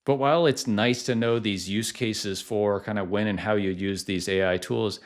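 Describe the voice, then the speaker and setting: A man's voice: lowish voice, steady tone, normal speed. A middle-aged man hosting a casual tutorial vlog, talking in a chatty way full of "like" and "uh". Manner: chatty, lots of "like" and "uh" fillers. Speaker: tech YouTuber, podcasting company founder.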